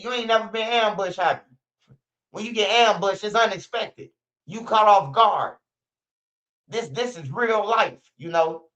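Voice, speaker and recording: A man's voice: high-pitched, normal speed, fairly bright tone. A man from Chicago with a Chicago accent, hosting a livestream and giving blunt, profane street-talk commentary. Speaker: livestream host. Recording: muffled lo-fi stream audio.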